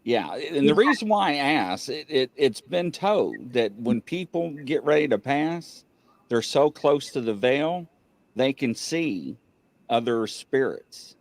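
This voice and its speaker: A male podcast host chats casually and asks his guest curious follow-up questions. His pitch is average, and his intonation rises and falls a lot. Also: big pitch swings, takes it slowly.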